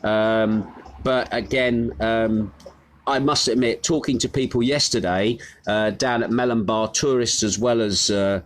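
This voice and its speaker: A man hosting a local news show from his home, talking casually and haltingly with many fillers. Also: on the low side, steady tone, a little hiss or hum. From United Kingdom. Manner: rambling, halting with frequent fillers. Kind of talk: casual live news monologue.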